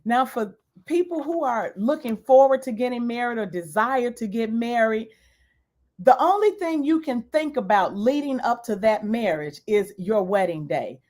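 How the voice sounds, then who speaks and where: Teacherly woman with a higher voice. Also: animated, moderate pace, a little mellow. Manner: teacherly, repeats key points for emphasis. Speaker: self-care educator and speaker. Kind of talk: lecture-style talk.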